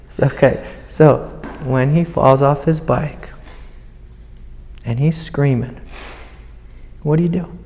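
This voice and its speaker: A man with a gravelly, mellow voice guides a student as a spiritual teacher. He speaks gently and soothingly, with a long reverb from the hall around him. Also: medium pitch, takes it slowly, long pauses. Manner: gentle, soothing, calls the listener sweetie. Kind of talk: satsang guidance to a student.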